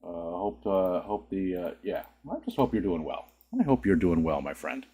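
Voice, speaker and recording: Freshly awake, this livestream host rambles to his chat in a mellow, husky voice, welcoming viewers by name. He keeps a moderate pace with hardly any pauses, though squeaky voice cracks and laughs break out without warning.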